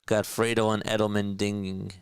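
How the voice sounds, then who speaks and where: A man with a South Jersey accent calling a baseball game play-by-play in a casual streamer style, chatting and joking with his chat between pitches. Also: flat delivery, moderate pace, clean tone, no room sound.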